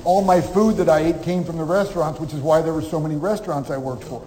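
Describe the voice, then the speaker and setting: Animated male keynote storyteller in hall. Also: fairly high pitch, quick pace, few pauses. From Omaha, Nebraska. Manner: animated storyteller, acts out dialogue. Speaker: motivational speaker. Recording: reverberant hall with faint noise.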